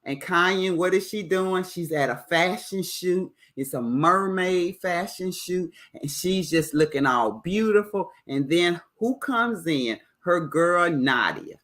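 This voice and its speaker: Woman, stream host, casual recap chat, low voice, slow delivery. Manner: chatty, animated retelling with playful quoted voices. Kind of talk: casual show recap livestream.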